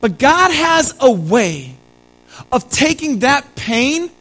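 A man's voice: extremely high pitch, very animated, slow pace, pushed and bright, low-quality recording. A pastor preaching a sermon. He speaks earnestly, repeats key phrases and calls his listeners family.

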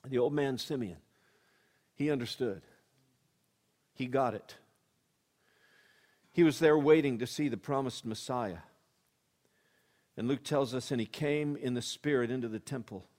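A man preaching a sermon, dropping to a hushed storytelling voice and then rising to loud, emphatic proclamation, with slow, deliberate scripture reading. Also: mid-range voice. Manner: reads scripture slowly and deliberately.

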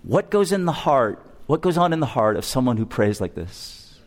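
A male pastor preaching a sermon with an emphatic, deliberate expository delivery. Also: medium pitch, very animated.

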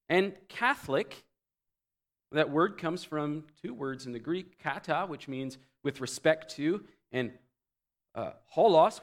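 A man preaching a teaching sermon, explaining doctrine and swinging between loud emphatic phrases and quiet low asides. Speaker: pastor.

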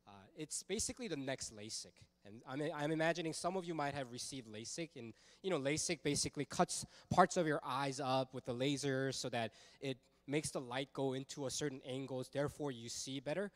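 A man preaching a sermon as pastor, telling a story in a casual, animated way with lots of fillers. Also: medium pitch, a little fast, few pauses, long reverb tail.

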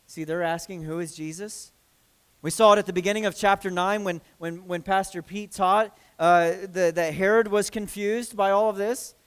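Pastor guy preaching, pretty high voice, kinda conversational, restarts a lot. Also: steady tone, normal speed, few pauses, fairly bright tone, smooth. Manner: earnest preaching with frequent restarts and acted quotes. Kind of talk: sermon.

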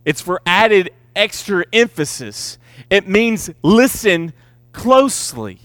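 Man preaching, high voice, emphatic, repeats key words, dry close sound. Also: big pitch swings, slow, a bit bright, dry recording. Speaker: pastor. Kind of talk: sermon.

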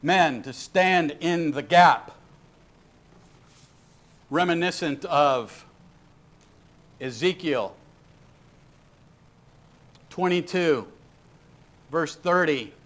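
Brief: male pastor mid-sermon, emphatic, slightly high pitch. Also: extremely slow, pauses often, a bit bright. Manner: emphatic, rising to exhortation.

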